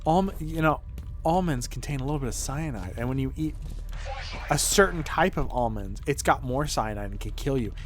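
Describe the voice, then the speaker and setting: A man streaming as a vtuber, chatting casually and rambling through tangents with offhand swearing. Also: medium pitch. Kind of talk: casual gameplay chat.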